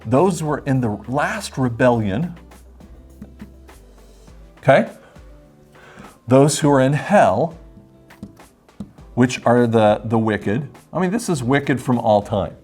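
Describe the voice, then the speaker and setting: A man preaches on scripture in an animated, conversational teaching voice that swoops up and down as he acts out the people he quotes. His tone is slightly husky and mid-pitched. Soft music plays faintly underneath. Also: slow pace, pauses often. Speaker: Bible teacher. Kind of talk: sermon-style Bible teaching.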